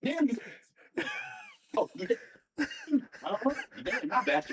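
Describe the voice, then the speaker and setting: A man co-hosting a casual wrestling podcast, chiming in with quick reactions. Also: very high voice, huge pitch swings, husky. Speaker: podcast co-host.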